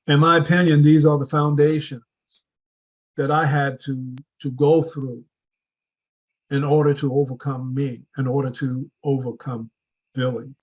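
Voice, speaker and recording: A man giving a deliberate motivational speech to a club audience, building his points with repeated rhetorical questions. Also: mid-range voice, flat delivery, rough recording. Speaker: club speaker.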